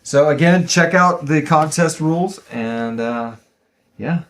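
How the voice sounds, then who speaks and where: A man's voice: fairly high pitch, slow pace, a bit bright. A man hosting a podcast in a casual chat, reading listener reviews aloud in a rambling, laid-back way and often stumbling over words.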